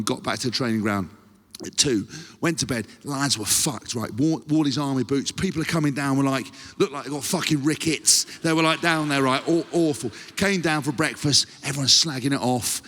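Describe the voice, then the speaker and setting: A man's voice: medium pitch, a little fast, in a large hall. An English man hosting a podcast on stage, telling a rowdy, sweary story and mimicking other people as he goes. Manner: animated storyteller, heavy swearing, acts out other people's voices. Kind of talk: live comedic anecdote. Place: live show in a large venue.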